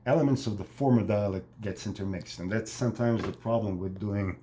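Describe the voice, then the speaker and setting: A man from Croatia casually explaining accents, halting often with fillers and tag questions. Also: on the low side, dark tone, slight background noise. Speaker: vlogger demonstrating accents.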